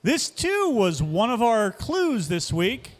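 A man with a very high, animated voice co-hosts a pub quiz and cheerfully reads out team scores. He is recorded live in a pub, and a long reverb trails his words. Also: slow pace. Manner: upbeat, rattles off team scores. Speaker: pub trivia co-host.

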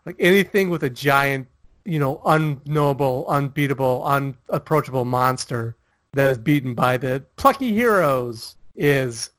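A man's voice: mid-range voice, measured pace, fairly bright tone, no room sound. A man co-hosting a casual chat, rambling with lots of fillers and laughing often. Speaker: podcast co-host.

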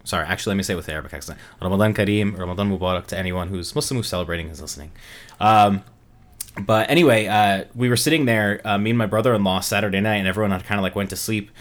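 A man's voice: fairly low pitch, a bit bright. A man co-hosting a podcast, telling stories in a casual chat full of "like" and "um". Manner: fast, filler-heavy storytelling. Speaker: podcast co-host.

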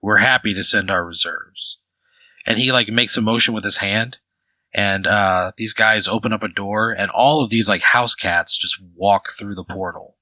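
A man's voice: fairly low pitch, fairly even intonation, normal speed, bright, forceful tone, no room sound, rough recording. Rambling man running a tabletop game. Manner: rambling, many "like" fillers. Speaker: game master.

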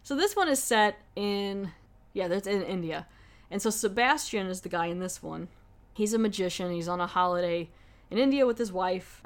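Chatty woman rambling through a film review. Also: on the low side. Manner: rambling, chatty, lots of "like" fillers. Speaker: podcast host. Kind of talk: casual movie review.

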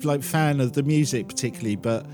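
A man's voice: medium pitch, quick pace, over music. Friendly podcast co-host, man. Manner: friendly, eager listener. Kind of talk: casual chat.

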